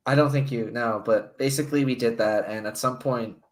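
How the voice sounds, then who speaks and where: A man on a voice call telling a story in a halting way, full of fillers and restarts. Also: medium pitch. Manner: hesitant, lots of fillers and restarts. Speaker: guest on a live stream. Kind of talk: casual chat.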